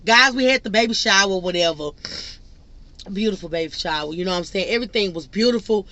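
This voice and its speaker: A young woman vlogger telling a personal story in an animated, laughing, casual way. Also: medium pitch, fast, dry recording, dull audio. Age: young adult. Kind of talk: storytime vlog.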